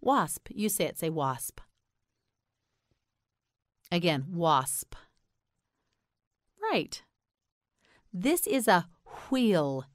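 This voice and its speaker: Very slow, carefully enunciating American woman. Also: lowish voice, very animated, dry recording, clean studio sound. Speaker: English pronunciation teacher. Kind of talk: slow repeat-after-me pronunciation drill.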